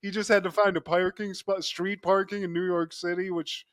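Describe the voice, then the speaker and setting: A man's voice: sits high, little pitch movement, moderate pace, no room sound, studio quality. A young man co-hosting a podcast, recapping a sitcom episode in loose, profane storytelling with frequent laughs. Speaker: podcast co-host.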